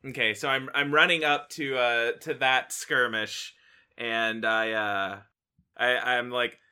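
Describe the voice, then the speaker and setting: A man's voice: mid-range voice, steady tone, slow pace, pushed and bright, clear, resonant tone. A man playing a tabletop game, casual and playful, often laughing. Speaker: player.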